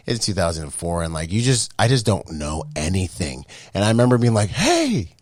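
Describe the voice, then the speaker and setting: Very deep-voiced man telling war stories. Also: a little fast, no echo, clean studio sound. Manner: animated, slangy, acts out voices and sounds. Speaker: podcast guest, Marine veteran. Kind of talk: casual storytelling.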